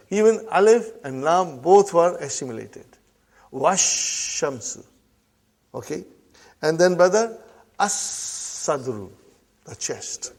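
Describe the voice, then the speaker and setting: A man teaching Arabic to a live class, repeating each word slowly and often checking in with the students. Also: fairly high pitch.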